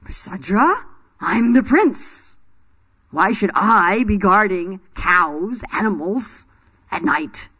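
Teacher doing a huffy proud young prince, slow indignant whine. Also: mid-range voice, animated, pushed and bright, husky, heavily acted. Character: proud young prince balking at lowly work.

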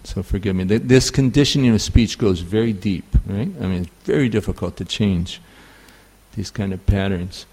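A man with a New York accent giving a scripture class, halting and full of fillers. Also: on the low side, darkish tone, slightly rough. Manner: halting, many fillers and restarts. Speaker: spiritual teacher.

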